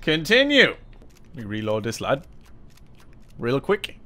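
Talking over the game audio, a young man who hosts a gaming channel commentates live and excitably on his play, laughing, swearing and calling viewers lads. He has a mid-range voice and an unhurried delivery.

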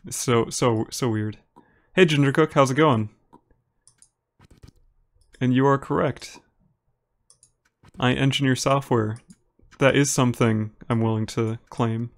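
A man's voice: mid-range voice, measured pace, creaky, long pauses. Chatty Upper Midwest American man streaming. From Minnesota, United States. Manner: relaxed and chatty, laughs easily, talks to viewers by name. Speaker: live streamer. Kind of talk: live gameplay commentary, reading chat aloud.

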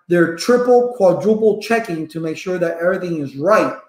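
A man talking casually to viewers as a networking instructor, a lively storyteller full of personal anecdotes. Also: sits high, moderate pace, hardly any pauses. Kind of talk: casual rambling talk to viewers. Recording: echoey room.

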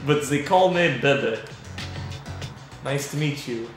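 A man's voice: medium pitch, slow pace, heavy reverb, music in the background, natural voice. A man putting on a cheery French exchange student. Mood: friendly. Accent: put-on French accent.

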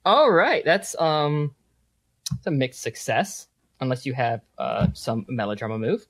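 Lively, halting man running a game. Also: medium pitch, rough recording. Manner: hesitant, filler-heavy narration with lively swings. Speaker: game master. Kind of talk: narrating a tabletop game.

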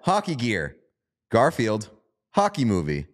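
A man's voice: mid-range voice, huge pitch swings, measured pace. A man co-hosting a podcast, bantering in a dry, laid-back way. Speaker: podcast co-host. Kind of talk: casual chat.

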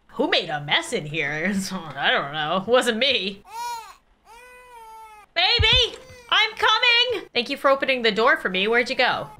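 A young woman gaming YouTuber giving excitable, giggly let's play commentary while talking to a baby character. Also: medium pitch, moderate pace, slight background noise.

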